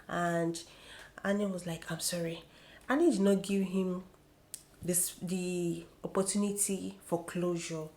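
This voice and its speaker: A young woman with a fairly low voice, speaking a little slowly, vlogs about a reality show in casual chat. She's chatty, opinionated, and animated as she gossips.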